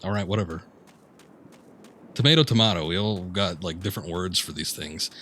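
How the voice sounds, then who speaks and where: A man does casual let's-play commentary while streaming a game, joking and laughing as he plays. His voice sits very low, and he talks into a desk mic. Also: steady tone, brisk, a bit bright, a little hiss or hum. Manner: laid-back, jokey, laughs often. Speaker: gaming streamer. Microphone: headphones and desk mic.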